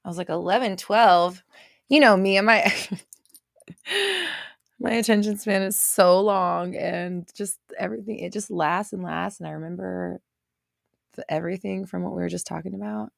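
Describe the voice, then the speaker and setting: A woman's voice: mid-range voice, moderate pace, creaky, no echo, studio quality. A woman hosting a livestream, chatting casually with viewers, reading out their names and laughing often. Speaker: host of a livestream show. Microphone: visible desk microphone on an arm.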